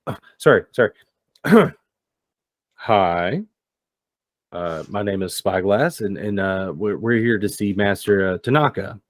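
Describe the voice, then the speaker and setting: A man voicing an excitable young male camera guy in a cyberpunk tabletop game, rambling and tripping over his words. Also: on the low side, slow pace, long pauses, dry recording, clean studio sound. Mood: apologetic. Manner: rambling, stammering and gushing.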